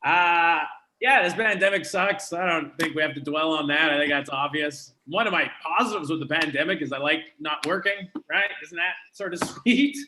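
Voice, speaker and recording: A young man from Canada performs a live stand-up set, and his voice sits a little high with a bright, forward tone. He talks casually and makes fun of himself between punchlines, and faint noise runs under the recording. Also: normal speed. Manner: self-deprecating, conversational punchlines. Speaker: stand-up comedian. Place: comedy venue with live audience.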